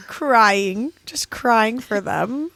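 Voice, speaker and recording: A woman's voice: fairly high pitch, animated, extremely slow, creaky, a bit bright, no room sound. A young woman co-hosting a casual book club podcast, talking emotionally and laughing through tears. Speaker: podcast co-host.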